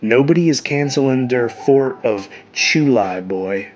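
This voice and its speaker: A man voicing an old grandfather who speaks low and gruff, with a heavy Slavic accent. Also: animated, measured pace, muffled recording.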